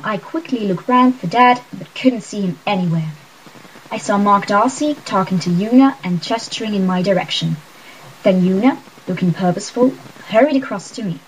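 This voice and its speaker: A woman reading a novel aloud in wry, lively first-person narration, with a husky voice. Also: medium pitch, moderate pace, a little hiss or hum, poor audio. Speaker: audiobook reader.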